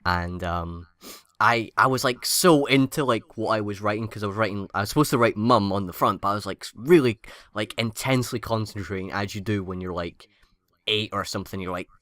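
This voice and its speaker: A man's voice: on the low side, fairly quick, pushed and bright, no echo. A man co-hosting a podcast, rambling and giggly, stumbling over his words in casual chat. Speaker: podcast co-host.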